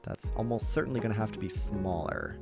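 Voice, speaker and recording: A man's voice: lowish voice, brisk, gravelly, loud music behind the voice. A man casually chatting with his viewers during a live game stream, upbeat and laughing often. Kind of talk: casual live-stream chat while playing.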